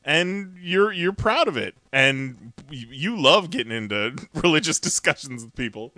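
Podcast host, man, high and lively, slow teasing delivery, dry close mic. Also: no echo. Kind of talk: casual chat.

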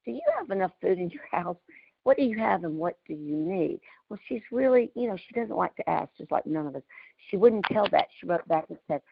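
A woman's voice: medium pitch, gravelly, husky, no echo. A middle-aged woman, hosting a community call and telling heartfelt personal stories in a folksy, emotional way. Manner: folksy, emotional, often laughing. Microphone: video call. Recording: dull lo-fi call audio.

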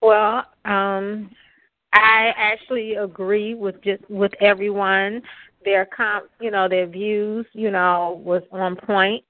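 A woman's voice: mid-range voice, level tone, takes it slowly, no room sound. A woman calling in to a radio talk show, speaking hesitantly with many fillers. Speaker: caller. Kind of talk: call-in comments. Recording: dry tinny phone line.

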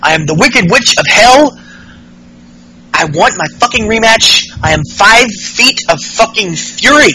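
A man's voice: high voice, animated, unhurried, bright, forceful tone, a little hiss or hum, voice pushed up, full character voice, rough recording. A man voicing a small, foul-mouthed female wrestler who snarls profane threats and demands a rematch. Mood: furious.

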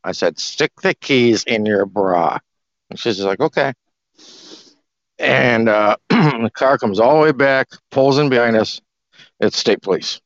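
Guy rambling through a story on a call, dry dull sound, clears throat a lot. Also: lowish voice, dry recording. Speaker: discussion group participant. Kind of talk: casual storytelling and explanation. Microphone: call audio.

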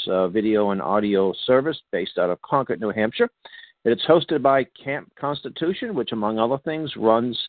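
A man's voice: lowish voice, no room sound. A man from Boston hosting a talk radio interview, rambling through announcements with many fillers and restarts. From Boston, USA. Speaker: radio show host. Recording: dry, tinny phone-like sound.

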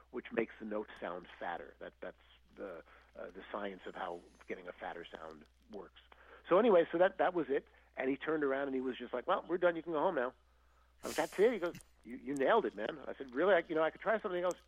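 A man's voice: medium pitch, slightly rough. An older man, a guest musician, telling stories in a casual interview, acting out quoted lines with many restarts. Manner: animated storyteller, acts out quotes, frequent restarts. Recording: dull lo-fi audio.

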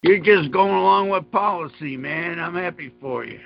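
A man's voice: sits high, moderate pace, creaky, hardly any pauses, muffled recording, faint music behind. A man hosting a show, talking in rambling, profane casual banter with stammering restarts. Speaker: podcast host.

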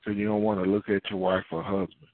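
A man preaching a sermon as a pastor, animated and acting out little dialogues, with repeated words. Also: low voice, fast talker, heavy background noise. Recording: tinny phone-like line.

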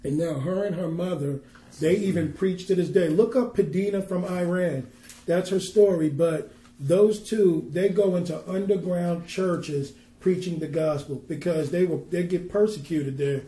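A man who works as a minister, telling a faith story earnestly and reading scripture slowly and with weight. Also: high voice, mellow, reverberant. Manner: tells a story earnestly, then reads scripture slowly and emphatically. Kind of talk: preaching and storytelling on a podcast.

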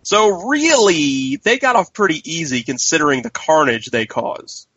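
A man's voice: a little high, sing-song, moderate pace, fairly bright tone, breathy edge, no echo. A man co-hosting a casual podcast chat, joking and slipping into mock impressions. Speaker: podcast co-host. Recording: dull lo-fi Skype audio.

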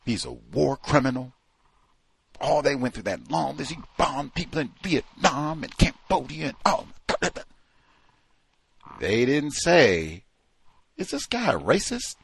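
Animated husky man hosting a call-in. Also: medium pitch, measured pace, no room sound. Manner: animated, mimics quoted voices, laughs. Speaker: call-in show host. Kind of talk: casual radio talk.

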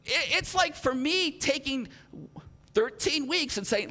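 A male pastor preaching a sermon, earnest and emphatic, acting out lively rhetorical quotes. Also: extremely high pitch, unhurried, in a large hall.

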